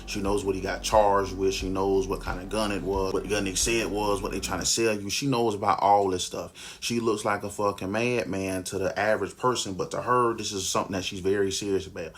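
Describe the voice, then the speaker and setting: Deep gravelly man, blunt and profane. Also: steady tone, a little fast, few pauses. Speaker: commentator. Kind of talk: casual monologue.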